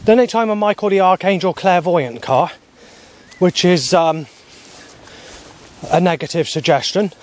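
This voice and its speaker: Out on a walk, a man vlogs into a handheld camera he keeps stopping himself, rambling agitatedly and swearing heavily in this outdoor video diary. His voice is high-pitched and unhurried, with frequent pauses.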